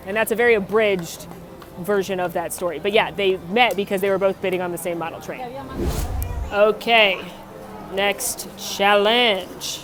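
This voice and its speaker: A woman's voice: mid-range voice, steady tone, normal speed, a bit bright. Upbeat young woman giving an outdoor tour. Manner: chatty, upbeat, full of trivia. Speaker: vlog host touring a theme park. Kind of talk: casual walking tour vlog. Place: outdoors in a theme park.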